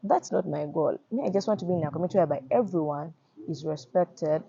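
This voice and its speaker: A woman's voice: sits low, fast, gravelly, mellow, breathy edge. A young woman with a Ugandan accent, speaking earnestly in a personal testimony and often repeating her phrases. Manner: earnest, repeats phrases, acts out quoted voices. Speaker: activist. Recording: slightly muffled audio.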